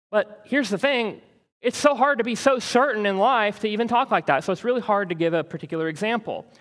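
A pastor preaches a sermon in a large hall, teaching in an animated, conversational way. His voice is high-pitched, and he checks in with listeners through frequent asides.

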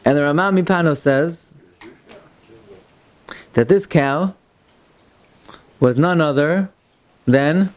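A man with a slightly high voice teaches a Torah lesson as an animated story. He reads out lines of old Hebrew text and then retells them in English full of Yiddish words. His voice climbs higher and louder as the tale builds. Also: slow pace, pauses often.

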